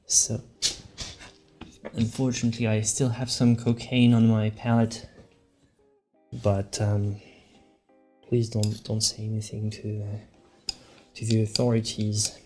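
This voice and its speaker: Male painter, slow, unhurried delivery, hesitant think-aloud chat on a live stream. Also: fairly low pitch, level tone, darkish tone, soft background music. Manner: thinks aloud, halting, chatting with viewers.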